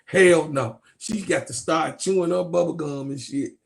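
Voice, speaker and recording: A man giving loud, profane, joking sports commentary, laughing and calling out to his viewers. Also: a little high, unhurried, gravelly. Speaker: sports vlogger. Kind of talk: casual comedic sports commentary.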